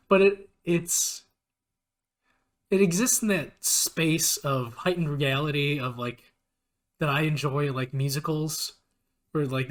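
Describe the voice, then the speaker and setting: A man hosting a casual gaming podcast, telling rambling stories and laughing often. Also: medium pitch. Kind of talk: casual chat.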